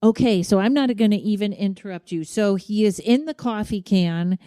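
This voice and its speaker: A woman's voice: medium pitch, normal speed, mellow, no room sound, studio quality. A woman hosting a podcast, chatting casually and prompting her guest with brief, friendly interjections. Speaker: podcast host.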